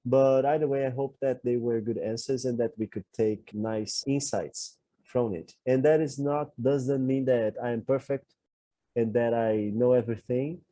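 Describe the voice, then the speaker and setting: A man's voice: mid-range voice, steady tone, moderate pace, mellow, no echo. A man co-hosting a podcast, telling a personal story in an earnest, self-reflective way. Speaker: podcast co-host. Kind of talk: candid conversational podcast talk.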